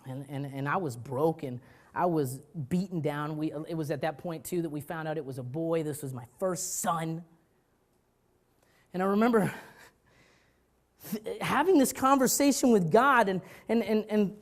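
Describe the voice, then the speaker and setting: A male pastor preaching a sermon, telling stories with urgency that drops to hushed tones, often restarting his words. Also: fairly high pitch, normal speed, long pauses. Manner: animated storytelling, swinging from loud urgency to quiet.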